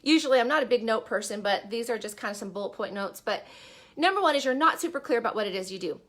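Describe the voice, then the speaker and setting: A woman's voice: on the high side, sharp tone. A woman giving a chatty, upbeat live-stream talk as an online business coach. She speaks from a bedroom in her house and often puts questions to her viewers.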